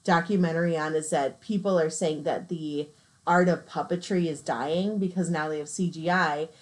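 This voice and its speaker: A woman's voice: low-pitched, steady tone, moderate pace. A woman in casual chat about a film, giggling often and stringing thoughts together with fillers. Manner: chatty, laughs often, lots of fillers like "like". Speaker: co-host discussing a film.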